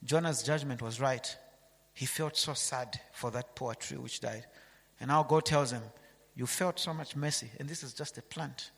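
Animated male preacher in a reverberant hall. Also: medium pitch, moderate pace, creaky, breathy edge. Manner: animated, rhetorical questions, reads scripture aloud. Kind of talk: sermon.

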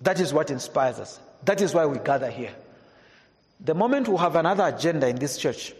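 A male pastor preaching in a church, his voice sitting a little high for a man. He drops into hushed, low stretches, then climbs back into emphatic declarations. A long reverb trails after every line in the hall. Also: lively intonation, a little fast. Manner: swings between hushed, low passages and raised, emphatic preaching. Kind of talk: sermon.

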